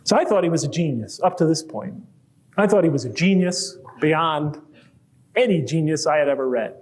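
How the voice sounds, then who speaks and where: A middle-aged man giving a conversational public lecture, joking with the audience and rising to animated emphasis. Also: fairly high pitch, normal speed.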